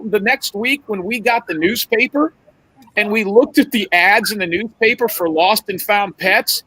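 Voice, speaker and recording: Man doing a rowdy wrestler buddy, high and loud, exclaiming, husky edge. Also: moderate pace, no room sound, heavily acted, poor audio. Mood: boisterous. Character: brash male pro wrestler, loud and boisterous.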